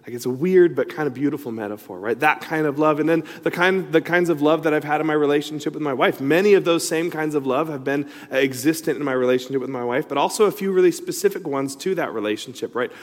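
A middle-aged pastor preaches by telling a personal story, loose and conversational with many asides. His fairly high voice runs fast with few pauses, echoing with long reverb in a large hall.

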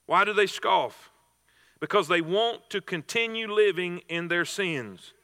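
A man's voice: sits high, animated, a little slow, pushed and bright, long reverb tail. A man preaching a sermon to a congregation, emphatic, repeating phrases and restarting himself. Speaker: pastor.

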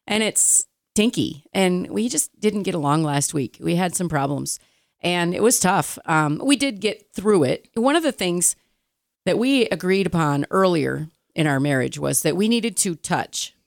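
Middle-aged female co-host, reflective and a little hesitant, low-ish voice, dry. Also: expressive, moderate pace, no room sound. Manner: earnest, reflective, a bit hesitant. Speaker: podcast co-host. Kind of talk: casual faith chat.

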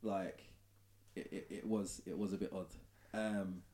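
Relaxed male co-host with a warm, dark voice who keeps his replies short. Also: low voice, unhurried. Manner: laid-back, brief agreeing replies. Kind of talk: casual chat.

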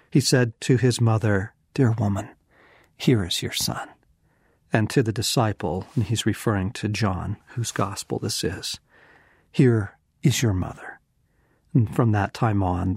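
Slow, husky-voiced man teaching. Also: fairly low pitch, darkish tone, dry recording, clean studio sound. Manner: slow, intense, drops to a whisper for emphasis. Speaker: author and teacher. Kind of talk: devotional teaching with scripture reading.

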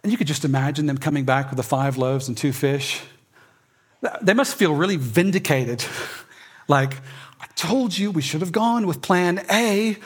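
A man preaching a sermon, emphatic, swinging between loud and soft and often repeating words. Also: fairly high pitch. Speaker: pastor.

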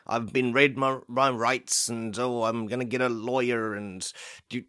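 Guy doing a stammery over-the-top crook, bit higher than normal, bright edge. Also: flat delivery, a little slow, no room sound, clean studio sound. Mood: flustered. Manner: stammering, melodramatic. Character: bumbling self-proud male criminal mastermind. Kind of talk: comedy sketch.

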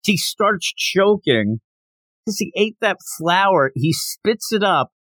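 A man hosting a podcast, chatting casually about a manga chapter and acting out the characters' lines in quick bursts. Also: high voice, sing-song, a bit bright, no room sound. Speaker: podcast host.

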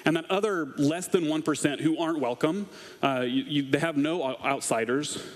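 A man's voice: on the high side, normal speed. A man preaching a conversational sermon as a pastor, casual and wry with dry asides. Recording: long hall reverb.

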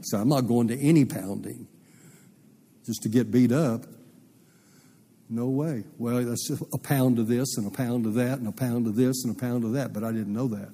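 A man pastor tells a folksy, rambling story from the pulpit. His voice is mellow and a bit husky. A long church reverb trails each phrase. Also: medium pitch, fairly even intonation, normal speed. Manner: rambling, folksy anecdote with many fillers. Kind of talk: storytelling sermon.

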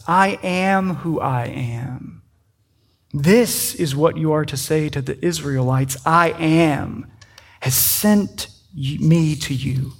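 A man with a high, light voice delivers a sermon from the pulpit. He reads scripture slowly and deliberately, then drops into loose, conversational asides. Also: breathy edge. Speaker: pastor.

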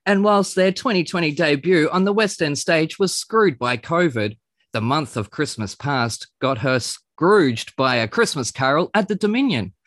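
An excitable, theatrical man hosting a chat, sometimes rattling off a long tongue-twisting introduction. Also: a little high, normal speed, dry recording, clean studio sound. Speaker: podcast host. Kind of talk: casual chat and rapid scripted intro.

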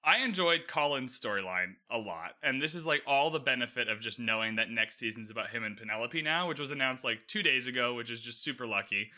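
A man co-hosting a podcast, talking casually and at length with lots of fillers and animated retellings. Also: medium pitch, brisk, few pauses. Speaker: podcast co-host reviewing a TV series. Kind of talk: casual chat.

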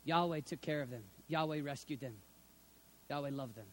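A middle-aged man preaching a sermon, swinging from hushed, low passages to loud, shouted appeals. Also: moderate pace.

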